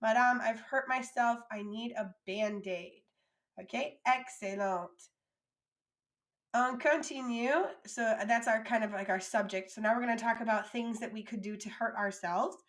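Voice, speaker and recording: A woman teaching a recorded French lesson, modelling words slowly for learners to repeat and then explaining them in quick English asides. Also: fairly high pitch.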